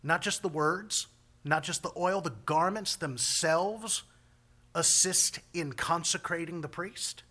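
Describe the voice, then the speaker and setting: A man preaches from the pulpit in a folksy, conversational manner. His voice sits a little high and rings bright and forceful, and he drops in homespun turns of phrase as he teaches. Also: slow. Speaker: pastor. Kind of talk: sermon.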